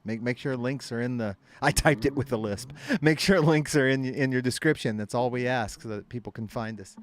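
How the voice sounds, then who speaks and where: A man's voice: mid-range voice, fairly quick. A man hosting his band's live stream in casual chat, rambling with many fillers and frequent laughs. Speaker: band member and stream host.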